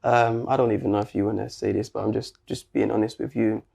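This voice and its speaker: Gravelly British man telling a story. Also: lowish voice, fast talker. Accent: British English. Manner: animated, slangy street talk with quoted dialogue. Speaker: guest. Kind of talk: casual storytelling in an interview.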